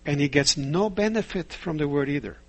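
A man preaching a sermon in a measured way, asking rhetorical questions and telling stories. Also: a little high, gravelly.

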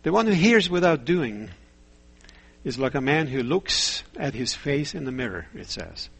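Husky-voiced male preacher. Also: mid-range voice, very animated, a bit bright. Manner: measured preaching with rhetorical questions and stories. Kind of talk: sermon.

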